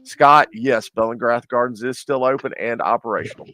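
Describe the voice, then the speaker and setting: A man with a Southern American accent talking casually as a guest. He rambles and hesitates, filling gaps with filler sounds, at a middle pitch for a man. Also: fairly even intonation, brisk, pushed and bright. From Mobile, Alabama. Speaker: guest friend. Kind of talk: casual chat.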